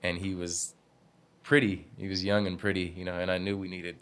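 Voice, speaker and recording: A man's voice: low-pitched, flat delivery, a little fast, a bit bright. A young man who owns a barbershop, telling stories in a casual interview in a laid-back, slangy way, laughing often and acting out what people said. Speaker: barbershop owner, guest.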